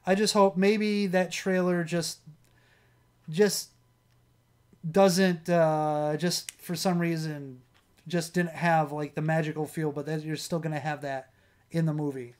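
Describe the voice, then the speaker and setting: Streamer guy, bit high voice and kinda worn out, rambly casual chat with lots of restarts. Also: flat delivery, slow pace. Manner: rambling, with frequent restarts and chuckles. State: strained, worn voice. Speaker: livestream host.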